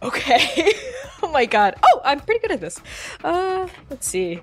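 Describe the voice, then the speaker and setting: A woman's voice: sits high, big pitch swings, measured pace. A woman playing a tabletop game, describing her character expressively and laughing between lines. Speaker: player.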